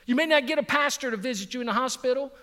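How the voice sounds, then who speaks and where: A middle-aged male pastor preaching a sermon and telling a personal story, emphatic and repetitive, sometimes dropping to a soft voice on key points. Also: extremely high pitch, racing, long reverb tail. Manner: emphatic, repeats phrases for effect, drops to a soft voice on key points.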